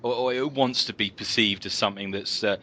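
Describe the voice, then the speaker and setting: A comedy podcast co-host talks in a lowish, steady voice that is brisk and sharp-toned, with a little hiss or hum in the audio. He tells rambling stories in casual chat, full of fillers and restarts.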